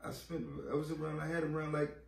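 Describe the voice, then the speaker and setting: A man's voice: on the high side, monotone, fast talker, vocal fry, recorded from a distance. A man in his late thirties, a podcast interview guest, telling his story in blunt, profane street talk and acting out the voices of others. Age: 30s. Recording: roomy echo, off-mic, faint ambience.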